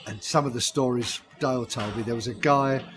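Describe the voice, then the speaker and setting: A man's voice: medium pitch, a little fast, over music. An older man, a pantomime writer and comedy performer, telling chatty stories in an interview and laughing often at them. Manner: chatty storyteller who laughs often at his own anecdotes. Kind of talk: anecdotal interview chat.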